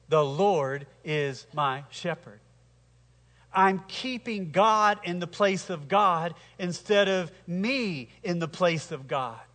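A male pastor with a high, bright voice preaching a sermon in a church sanctuary. He speaks slowly and emphatically and has the congregation repeat lines after him. The sound carries the long reverb of a large hall. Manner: slow, emphatic preaching with congregation call-and-response.

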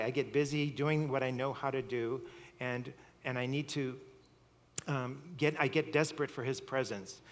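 A middle-aged man preaching a sermon, telling a story with frequent chuckles and repeated words. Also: mid-range voice. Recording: long hall reverb.

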